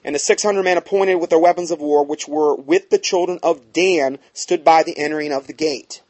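A man's voice: a little high, steady tone, moderate pace, darkish tone. A man reading scripture aloud and explaining it in a conversational way, often checking in with his listeners. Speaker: Bible teacher.

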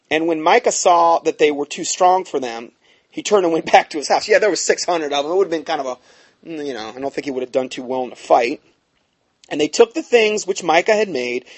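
A man's voice: a little high, husky. A man reading scripture aloud and explaining it in a conversational way, often checking in with his listeners. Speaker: Bible teacher.

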